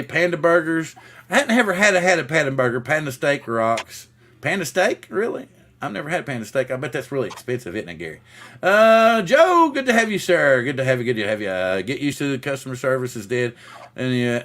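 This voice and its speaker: A man hosting a casual livestream, with a fairly high voice that swings widely in pitch. He is an animated storyteller who acts out other people's voices and chats with his viewers. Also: gravelly. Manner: greets chat viewers by name. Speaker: host of a livestream show.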